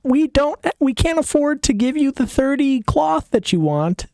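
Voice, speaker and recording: A man putting on a shrill nagging wife. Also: sing-song, unhurried, vocal fry, darkish tone, no echo, studio quality, heavily acted. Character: nagging whiny young wife.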